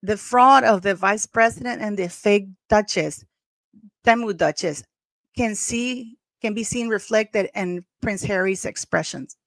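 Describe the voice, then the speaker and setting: A woman's voice: medium pitch, unhurried, a bit bright, no echo. Blunt, scornful woman ranting to viewers. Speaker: commentary channel host. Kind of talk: ranting commentary vlog.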